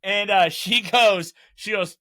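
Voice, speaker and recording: High bright-voiced man telling stories. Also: takes it slowly. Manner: profane storytelling, acting out friends' lines; laughs often while telling stories. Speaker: podcast host. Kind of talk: casual chat.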